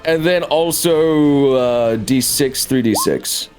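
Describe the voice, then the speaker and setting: A man playing a tabletop game in casual chat, excitable and laughing, swearing freely. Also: medium pitch, slow pace, over music. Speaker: player.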